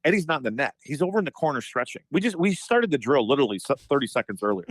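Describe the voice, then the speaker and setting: A man's voice: mid-range voice, racing, dry recording. Fifties guy spinning locker room stories, stumbles and restarts a lot, dry close mic. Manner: animated anecdotes, frequent restarts and profanity in quotes. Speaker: guest, former hockey player. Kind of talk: casual storytelling chat.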